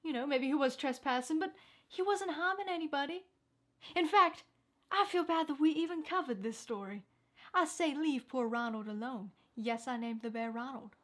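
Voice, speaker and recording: High-voiced woman hosting comic news. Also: normal speed. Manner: playful, chatty asides between read-out stories; theatrical newsreader delivery. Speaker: comedic news anchor. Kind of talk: satirical news sketch.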